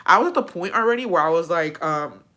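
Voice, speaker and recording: Bright-voiced young woman telling a story. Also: lowish voice, expressive, fast talker. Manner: profane, emotional, tearful at times. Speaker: vlogger. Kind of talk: casual storytelling.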